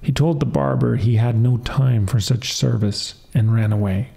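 A man calmly reading a fairy tale as a soft-spoken bedtime story. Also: mid-range voice, moderate pace, creaky.

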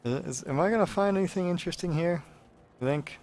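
A man's voice: high voice, a little fast, a little mellow. A man giving casual, sarcastic, rambling commentary while playing a video game. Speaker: let's play host.

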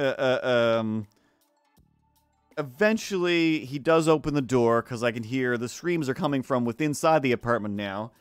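A man's voice: mid-range voice, no echo. A man rambling sarcastically through a neighbor story during a casual art stream, acting out the quoted voices. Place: home art stream setup.

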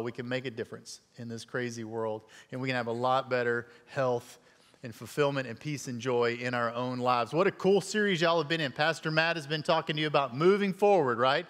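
A middle-aged man gives a storytelling sermon as a guest speaker, chatty and folksy with plenty of fillers. His voice sits a little high for a man. The sound carries a long reverb from the church sanctuary. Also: fairly bright tone. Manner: conversational, with many fillers and folksy asides.

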